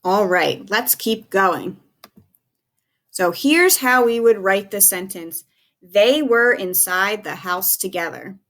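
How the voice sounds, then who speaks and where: A grade-school teacher, a woman, walks young kids through a recorded phonics lesson. She speaks slowly and clearly, with patient encouragement. Her voice sits at an ordinary pitch for a woman. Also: expressive, fairly bright tone.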